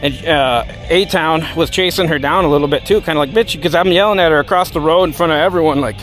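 A man's voice: fairly high pitch, fast talker, fairly bright tone, soft background music. A man telling a story casually, rambling and swearing heavily. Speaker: vlogger.

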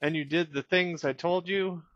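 A man's voice: a little high, steady tone, normal speed, a bit bright, muffled recording, slight background noise, voice pushed up, natural voice. A man voicing a sleepy, condescending female spirit bear from a game, with a raised, drowsy delivery.

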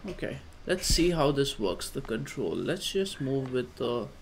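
A man doing casual let's play commentary, coaxing his character along with repeated calm-down phrases. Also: medium pitch, a little slow, vocal fry, a little hiss or hum. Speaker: gamer.

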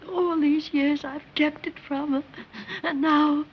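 A frantic old street apple seller, begging in a tearful whisper. Her voice sits a little high. The sound is a muffled 1930s film track with soft hiss. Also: lively intonation, normal speed. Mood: pleading. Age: older. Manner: pleading and whispering in distress. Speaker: film character.

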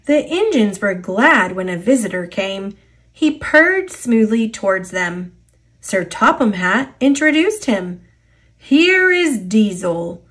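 Slow, lively woman reading a storybook. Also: medium pitch. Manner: expressive, lively character voices. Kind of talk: reading a picture book aloud.

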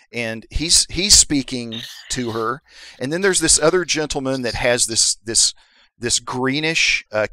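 A man narrating as the game master of a tabletop game, setting the scene in an improvised, halting way with many restarts. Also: mid-range voice, pushed and bright, no room sound, low-quality recording.

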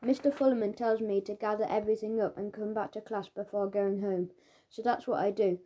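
A woman narrating a children's audiobook in the first person as a schoolboy, in a lively storytelling manner, recorded on a studio microphone. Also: mid-range voice, a little fast.

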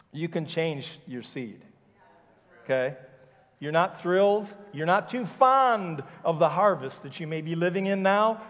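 A man preaching as a pastor in a church, talking conversationally and telling stories with acted-out dialogue. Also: mid-range voice. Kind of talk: sermon. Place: church sanctuary. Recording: long reverb of a church hall.

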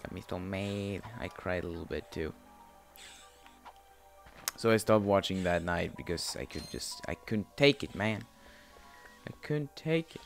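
A man's voice: sits low, a little slow, vocal fry, long pauses, soft background music. A young man casually commenting on a video game he is playing, rambling and joking with lots of swearing. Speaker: gaming channel host. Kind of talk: casual let's-play commentary.

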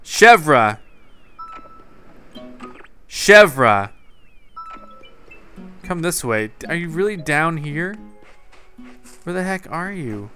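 A man in casual gameplay commentary, his voice bright and fairly high for a man. He talks slowly and loosely, muttering to himself and chatting with someone off-mic. Soft game music plays underneath. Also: expressive. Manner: repeatedly shouts a name into the game mic. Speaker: gaming YouTuber.

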